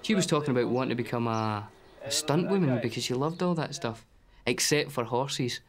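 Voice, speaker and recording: A man's voice: medium pitch, lively intonation, fairly quick, a crowd in the background. A man recalling a colleague fondly in an interview. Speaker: actor interviewed. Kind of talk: interview recollection.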